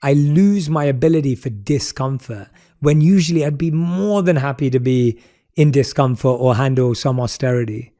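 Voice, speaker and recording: A man's voice: medium pitch, normal speed, dark tone. A man hosting an interview, responding thoughtfully and affirming his guest's points. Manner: affirming, thoughtful, repeats "be both" for emphasis. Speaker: podcast host. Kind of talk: reflective interview conversation.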